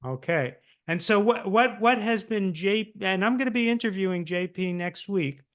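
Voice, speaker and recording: High, smooth-voiced male interview host. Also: normal speed, fairly bright tone. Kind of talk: casual interview.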